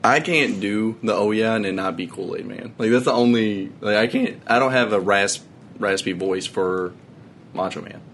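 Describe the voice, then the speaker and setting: A man's voice: fairly low pitch, moderate pace, a bit bright, a little hiss or hum. A young man co-hosting a casual podcast chat, easygoing and agreeable. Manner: easygoing, agreeable, says yeah a lot. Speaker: podcast co-host.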